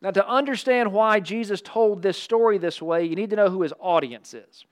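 A man pastor preaching a sermon in an animated, conversational way with humorous asides. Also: high-pitched, normal speed.

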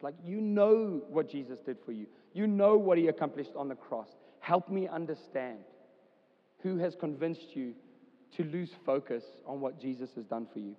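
A man's voice: a little high, animated, normal speed. A man, preaching a casual, chatty sermon as a church pastor, with many fillers. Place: church hall. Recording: dull sound with long hall reverb.

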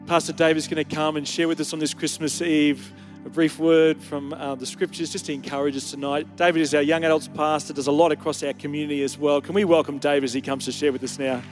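A man's voice: on the high side, level tone, fast talker, soft background music. A man leading a church service, introducing the next speaker in an encouraging tone. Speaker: service leader.

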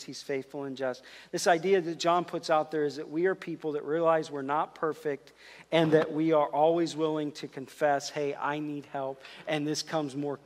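A middle-aged man preaching a sermon, emphatic and repetitive, sometimes dropping to a hush, then leading a closing prayer. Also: a little high, long reverb tail. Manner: emphatic, repeats phrases, rising and dropping to near whisper. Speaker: pastor.

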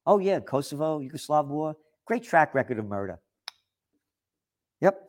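A man's voice: a little high, very animated, moderate pace, a little mellow. A man delivering an opinion monologue, reading out news articles and rebutting them in a sarcastic, indignant tone. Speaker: political commentator.

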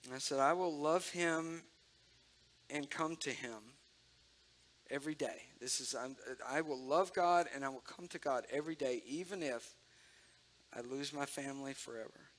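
A man's voice: a little high, normal speed, a bit bright. A man giving an emotional, conversational sermon-style testimony, speaking directly to his audience.

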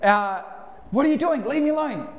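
A man playing a grumpy householder woken at midnight who shouts irritably through the door, in an echoey church hall. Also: extremely high pitch, lively intonation, normal speed, pitched above the performer's own voice. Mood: annoyed.

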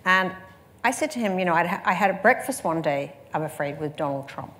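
A woman magazine editor in a panel conversation, telling brisk, chatty anecdotes and laughing often. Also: fairly low pitch, lively intonation, a bit bright.

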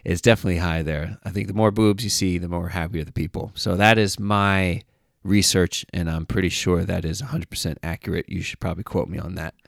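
A man's voice: low voice, fairly even intonation, fairly quick, vocal fry, no room sound, studio quality. A man talking casually to camera as a travel vlogger, joking and sarcastic, with a rambling, offhand way of talking. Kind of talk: casual monologue.

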